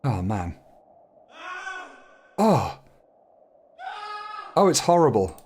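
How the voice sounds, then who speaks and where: A man's voice: mid-range voice, sing-song, very slow, a little mellow, slight background noise. A man chatting casually as he plays a game, laughing and swearing freely. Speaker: game player. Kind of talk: casual let's-play commentary.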